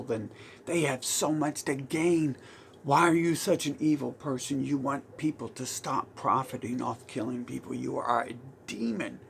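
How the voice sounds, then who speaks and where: Gravelly Southern-sounding man ranting. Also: medium pitch, slight background noise. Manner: profane, heated, full of restarts. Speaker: vlogger. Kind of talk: rambling monologue.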